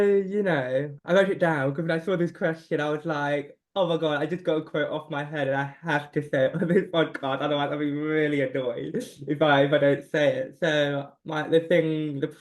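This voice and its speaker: A man of about twenty, a podcast guest, talking casually in a chatty, self-deprecating way with quick restarts. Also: on the high side. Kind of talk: casual chat.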